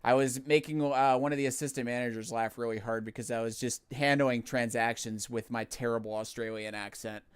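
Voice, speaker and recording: A man's voice: medium pitch, steady tone, brisk, few pauses, smooth, no room sound. Chatty self-mocking young man streamer. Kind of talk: casual game livestream chat.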